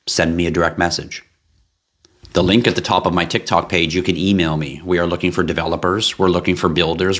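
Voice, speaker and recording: A man hosting a live stream, giving a hype-driven sales pitch with asides and tangents. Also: fairly bright tone. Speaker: live stream host pitching a blockchain project.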